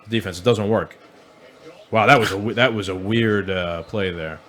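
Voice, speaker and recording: A man with a lowish voice rambles through casual podcast talk over a live game. He swears freely and talks in loose, meandering sentences. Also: moderate pace, fairly bright tone. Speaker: podcast host. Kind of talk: casual chat watching a game.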